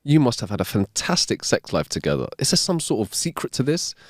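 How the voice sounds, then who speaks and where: A man's voice: mid-range voice, big pitch swings, fairly quick, no echo, clean studio sound. A man co-hosting a casual podcast, telling long, rambling jokes and laughing at his own lines. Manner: laughs often, rambling joke-teller. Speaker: podcast co-host.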